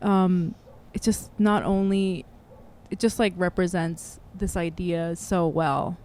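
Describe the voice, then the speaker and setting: A woman's voice: fairly low pitch, fairly even intonation, slow pace, darkish tone, a little hiss or hum. A woman hosting a podcast interview, talking casually with many fillers and encouraging her guests. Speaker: podcast host.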